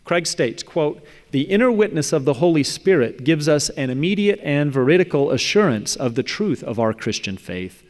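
A man's voice: fairly high pitch, animated, moderate pace, few pauses. Man reading a talk in a reverberant hall. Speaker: speaker presenting a paper.

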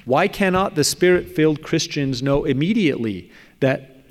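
A man reading a prepared academic paper aloud in a measured way, now and then stumbling and restarting. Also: a little high, expressive. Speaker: speaker presenting a paper on religious apologetics. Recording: echoey hall with long reverb.

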